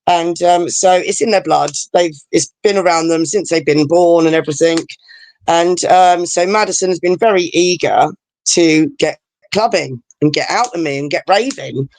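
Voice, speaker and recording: A woman's voice: fairly low pitch, normal speed, darkish tone, no echo. A woman, chatting over a video call as a guest, rambling and emotional with many fillers.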